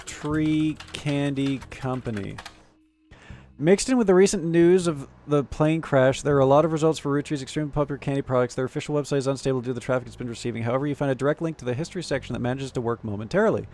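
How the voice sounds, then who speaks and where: Man, game streamer, casual commentary, quick read-alouds, swearing, laughing. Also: medium pitch, a little mellow, faint music behind.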